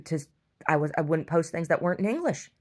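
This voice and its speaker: Woman, middle-aged, low voice, exasperated, rambling, casual storytelling. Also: lively intonation, quick pace, a little mellow. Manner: rambling and exasperated, many restarts. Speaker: store owner.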